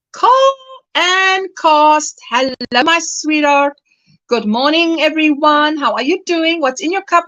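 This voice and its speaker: A woman's voice: sits high, a bit bright, no echo, muffled recording. A woman from South Africa hosting a casual crochet livestream, chatty and affectionate, laughing often and calling viewers sweetheart. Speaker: livestream host.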